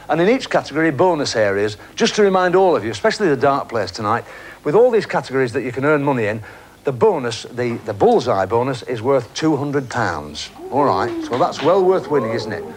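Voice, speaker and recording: A man's voice: medium pitch, big pitch swings, fast. A middle-aged man hosting a quiz show, joking and teasing the contestants and laughing often, heard over a 1980s TV broadcast in front of a studio audience. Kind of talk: game show banter.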